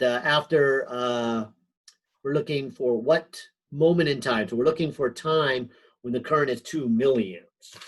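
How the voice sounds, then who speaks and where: Over a video call, a physics instructor runs an online help session, thinking out loud with plenty of fillers and the odd light joke. His voice is medium in pitch, and the audio quality is poor.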